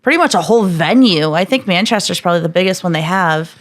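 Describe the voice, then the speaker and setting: A woman's voice: lowish voice, expressive, fast talker, dry recording. A woman co-hosting a podcast in a studio, chatty and laughing along with her guest. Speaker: co-host. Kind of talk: casual chat.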